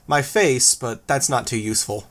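A man doing a brisk armored team leader. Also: medium pitch, a bit bright, close to an everyday voice. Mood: firm. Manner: brisk, matter-of-fact. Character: steady armored young male team leader.

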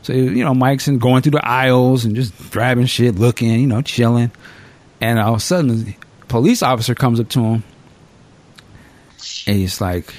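Animated storytelling podcast host, a man. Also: medium pitch, fairly quick. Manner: animated storyteller, swears freely. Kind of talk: casual podcast chat.

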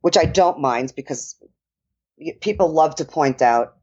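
A woman with a New York accent co-hosting a casual podcast chat, talking with lots of fillers and lively quoted asides. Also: low-pitched, unhurried, husky, highs cut off. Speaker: podcast co-host and dance professional.

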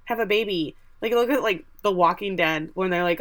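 Podcast co-host, female, bright lower-pitched voice, breezy filler-heavy recap delivery. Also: fairly quick. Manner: chatty, retells scenes with quoted asides and many fillers. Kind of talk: casual recap chat.

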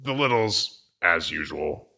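A man's voice: low voice, animated, pushed and bright, heavily acted. A man doing a pompous petty boy-king. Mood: haughty. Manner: haughty, pompous, quick to order executions. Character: petty, touchy boy-king, male, tyrannical. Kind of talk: improvised comedy role-play.

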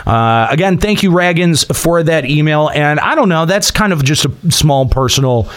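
A man's voice: fairly high pitch, expressive, moderate pace, clean tone. A man hosting a gaming podcast, chatting casually with lots of fillers and restarts. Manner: rambling, filler-heavy. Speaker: podcast host.

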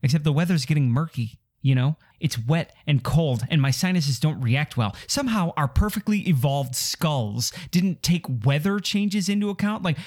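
A man's voice: on the high side, expressive, moderate pace, hardly any pauses, a little mellow. A man hosting a comedy podcast, ranting in a grumbling, exasperated and wry way. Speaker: podcast host. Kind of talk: comic rant.

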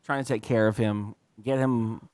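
A man's voice: on the low side, fairly even intonation, normal speed, darkish tone, no echo. A man co-hosting a podcast, chatting casually with lots of fillers, swearing and mock indignation. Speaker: podcast co-host. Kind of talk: casual chat.

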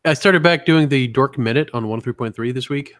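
A man's voice: mid-range voice, a little fast, a bit bright, no echo, clean studio sound. A man co-hosting a podcast, chatting loosely with lots of fillers and swearing. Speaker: podcast co-host. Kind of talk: casual banter.

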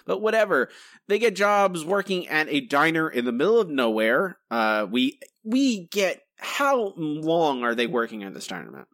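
A man's voice: on the high side, sing-song, normal speed, a bit bright, no echo, studio quality. A man co-hosting a podcast, talking in an exasperated, rambling way with frequent restarts. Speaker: podcast co-host. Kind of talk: casual review chat.

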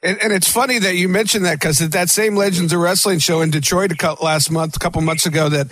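A man's voice: sits high, fairly even intonation, quick pace, a bit bright. A man telling wrestling stories in a casual interview, rambling with many restarts.

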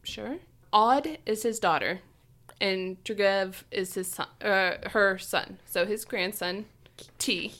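A woman's voice: mid-range voice, slow, a bit bright. A woman hosting a casual chat, telling a story from her notes in a chatty, giggly way. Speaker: podcast host telling the story.

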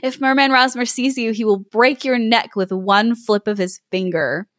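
A woman's voice: fairly high pitch, moderate pace, no echo, clean studio sound, lightly acted. A woman reading aloud as a young captive woman who pleads anxiously. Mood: pleading.

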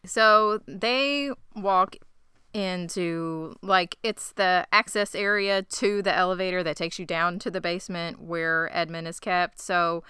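A woman's voice: lowish voice, steady tone, measured pace, pushed and bright, smooth, no room sound, clean studio sound. A woman co-hosting a podcast, casually recapping a TV episode with asides and fillers. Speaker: podcast co-host. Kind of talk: casual chat.

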